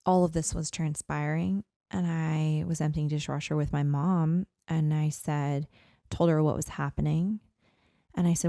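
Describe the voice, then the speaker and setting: Gravelly low-voiced woman in her thirties. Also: normal speed, dry recording, studio quality. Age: 30s. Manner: earnest, animated, frequent "like" and "you know". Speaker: podcast guest. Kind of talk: personal storytelling in conversation.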